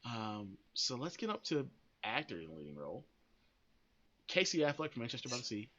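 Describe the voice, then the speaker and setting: A man's voice: mid-range voice, big pitch swings, brisk, sharp tone, lo-fi sound. A man hosting a podcast, giving blunt, opinionated commentary that rambles with frequent restarts and free swearing. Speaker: podcast host.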